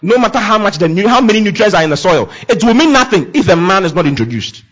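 A man preaching with a high, lively voice that swings from loud proclamations to hushed asides. His tone is husky, and he repeats his declarations for emphasis. The recording sounds dull and lo-fi. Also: fast. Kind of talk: sermon.

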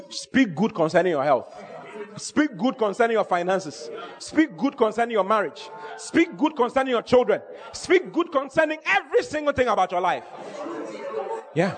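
Animated preacher man, high and lively. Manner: animated preaching, bursts into shouts; repeats phrases for emphasis. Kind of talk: sermon.

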